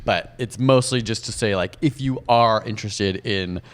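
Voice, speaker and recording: Guy on a podcast, low voice, thoughtful, lots of likes. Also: moderate pace, clear, resonant tone. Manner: thoughtful, hedging with many "like"s. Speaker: podcast co-host. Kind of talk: casual chat.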